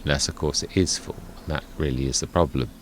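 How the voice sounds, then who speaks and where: A man's voice: very deep voice, steady tone, fast, a little hiss or hum. A man giving rambling, chatty gameplay commentary as a let's play host, often correcting himself.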